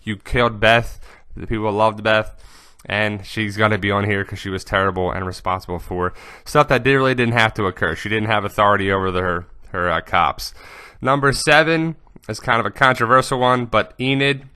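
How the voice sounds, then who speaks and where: A man's voice: on the low side, fairly even intonation, a little fast, bright, forceful tone, clear, resonant tone, no echo, studio quality. A man hosting a casual fan commentary, chatty and offhand as he runs through a list. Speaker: host.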